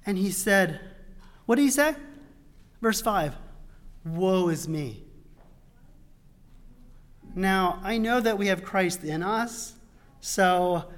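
Slow-talking preacher in a reverberant hall. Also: male voice, high-pitched. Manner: conversational, with restarts and sudden loud emphasis. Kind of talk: sermon. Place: church sanctuary. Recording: long reverb of a church hall.

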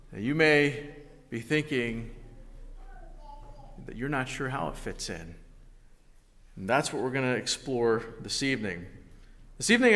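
Slow-speaking preacher in a hall. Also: male voice, medium pitch, a bit bright. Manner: slow, deliberate storytelling. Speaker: pastor. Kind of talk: sermon.

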